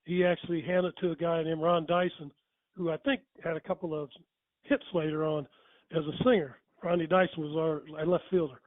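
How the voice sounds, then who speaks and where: The voice of an older man, pitched fairly high, rambles through a folksy yarn and keeps restarting his sentences. It comes through thin and phone-like, with a bone-dry sound. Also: little pitch movement, brisk, no echo. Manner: rambling, folksy, starts over mid-sentence. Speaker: guest storyteller. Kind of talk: casual anecdote telling.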